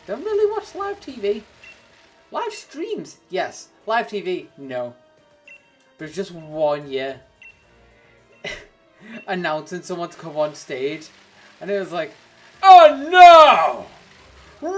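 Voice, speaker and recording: Chatty streamer, rambling and laughing. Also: mid-range voice. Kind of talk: casual livestream chat while gaming.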